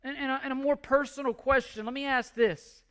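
High, bright-voiced man preaching earnestly. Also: steady tone, brisk. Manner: earnest, pleading, repeats words as he restarts. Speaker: pastor. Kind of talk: sermon.

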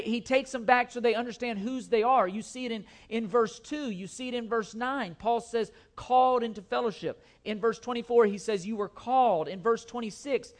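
In a church sanctuary, a high-voiced pastor preaches a sermon with earnest emphasis and repeated phrases.

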